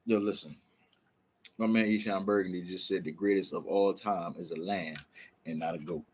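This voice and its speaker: A man's voice: low voice, fairly even intonation, moderate pace, slight background noise. A man vlogging with casual commentary, loose and slangy, full of "like" and "man".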